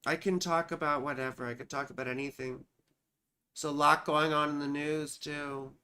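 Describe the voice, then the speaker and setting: Bright-voiced woman rambling on a livestream. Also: sits low, fairly even intonation, moderate pace, smooth. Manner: rambling, profane, self-mocking. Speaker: astrologer hosting live chart readings. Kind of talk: casual livestream chat.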